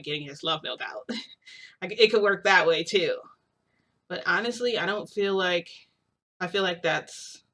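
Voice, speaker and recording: A young woman tells a long personal story in a loose, chatty vlog style. Her voice is bright and forceful. She keeps filling with "like" and restarting her sentences as she goes. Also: fairly low pitch. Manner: rambling, heavy use of "like", frequent restarts. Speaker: vlogger. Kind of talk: casual storytelling.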